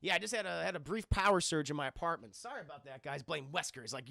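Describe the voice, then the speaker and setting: A young man streaming from his apartment, recapping a film scene by scene for his chat in an excitable, profane way and acting out the characters' lines. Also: sits high, fast, vocal fry, few pauses, no echo, clean studio sound.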